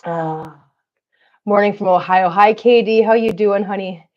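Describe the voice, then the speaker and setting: A woman's voice: mid-range voice, fairly even intonation, normal speed, dull audio. Chatty breathless woman vlogging. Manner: chatty, coos at cats in baby talk. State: overheated and out of breath. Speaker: cat channel vlogger. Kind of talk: unscripted live-stream chat while cleaning.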